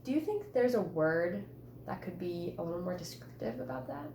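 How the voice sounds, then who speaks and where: A woman's voice: lowish voice, lively intonation, moderate pace, mellow, echoey room, slight background noise. A woman teacher guiding a writing conference, chatty and encouraging, with many fillers.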